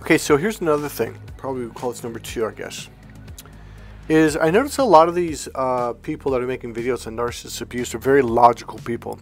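Relaxed, rambling male coach. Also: mid-range voice, fast talker, soft background music. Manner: rambling and conversational, with restarts and "okay?" check-ins; calm, relaxed, comfortable delivery. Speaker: self-help coach and channel host. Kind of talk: casual direct-to-camera talk.

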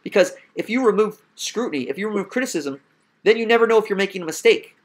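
High-voiced man arguing emphatically. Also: animated, fast. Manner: emphatic and argumentative. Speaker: podcast host. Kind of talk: casual discussion.

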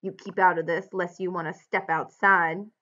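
A woman's voice: fairly low pitch, flat delivery, moderate pace, sharp tone, highs cut off. A woman reading aloud, voicing a belligerent, hot-tempered small young man who taunts aggressively.

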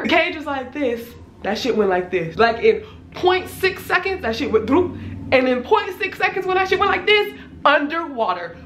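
A woman in her twenties, a little hoarse, retelling a scary experience in a casual, animated storytime vlog, swearing freely. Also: high-pitched, normal speed, roomy sound, slight background noise. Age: 20s. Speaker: vlogger.

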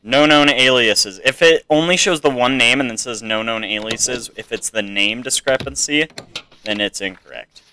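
A man's voice: medium pitch, normal speed, sharp tone, a little hiss or hum. A man giving casual gameplay commentary, thinking aloud as he checks items off to himself. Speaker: game player.

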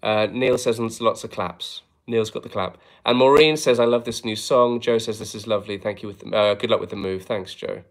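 A man's voice: fairly low pitch, steady tone, a little fast, few pauses. Dry-joking man reading comments. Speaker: musician hosting a live stream. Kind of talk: casual chat reading viewer comments. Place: home flat, indoors.

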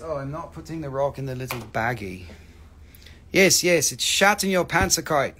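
A middle-aged man hosting a live-stream sale of rocks and minerals, talking in an excitable, hyping way and swearing freely. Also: mid-range voice, moderate pace, a little hiss or hum. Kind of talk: live-stream sales chat.

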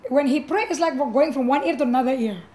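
A middle-aged woman, a pastor telling her personal testimony in an animated way with frequent restarts. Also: high-pitched, fast. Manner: animated, acts out quoted voices, frequent restarts.

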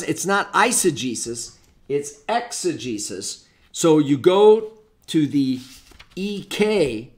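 A man teaching an informal Bible study lesson on Greek grammar, explaining step by step and muttering to himself as he hunts through a book. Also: mid-range voice. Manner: rambling, talks to himself while hunting through a book.

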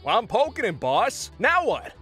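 A man's voice: high voice, wildly swooping pitch, normal speed, sharp tone, soft background music, voice pushed up, heavily acted. A man voicing an unsure, dim-witted male henchman in a plain, hesitant voice. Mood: uneasy.

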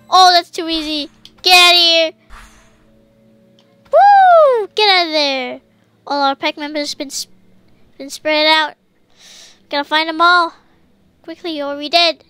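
A woman giving casual let's-play commentary, talking to herself and to the creatures on screen, and yelling commands at the game when things heat up. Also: sits high. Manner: excitable, yells commands at the game. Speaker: gamer streamer.

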